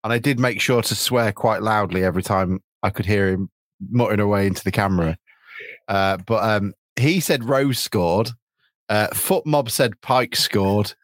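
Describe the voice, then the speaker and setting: A man's voice: on the low side, normal speed, dry recording. A man from England hosting a casual football podcast over a video call, chatty, with many ums, restarts and laughs. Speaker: podcast host.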